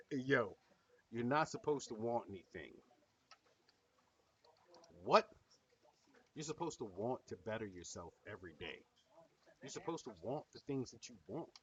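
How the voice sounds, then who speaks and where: A man's voice: mid-range voice, animated, measured pace, long pauses, recorded from a distance. Male reaction host, blunt and profane, set back from the mic, muffled sound. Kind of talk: casual reaction commentary.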